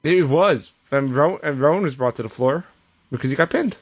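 Higher-voiced man recapping wrestling shows. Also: moderate pace, husky. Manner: animated storytelling with quoted asides and restarts. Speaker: podcast co-host. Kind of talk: casual wrestling recap chat.

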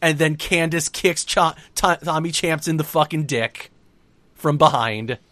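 High-voiced, animated, swearing man. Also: a little slow, no echo. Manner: animated, profane storytelling. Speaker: podcast co-host recapping wrestling. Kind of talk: casual chat.

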